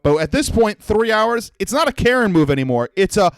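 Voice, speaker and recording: A young man hosting a comedy podcast, telling a profane, animated story and acting out the people in it. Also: a little high, fairly quick, hardly any pauses, no echo. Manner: profane, animated, acts out voices in his story.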